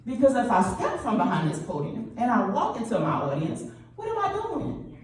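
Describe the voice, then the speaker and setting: A middle-aged woman giving a lively motivational talk at a church event, often asking the audience questions. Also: on the high side, normal speed. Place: church hall. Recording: roomy echo, distant mic, faint hum.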